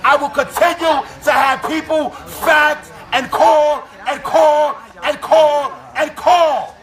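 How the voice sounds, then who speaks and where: A woman shouting a slow, emphatic protest speech at an outdoor rally, chanting between lines. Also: sits high, steady tone, poor audio. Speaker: rally speaker. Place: outdoors at a rally outside a building. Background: crowd chanting.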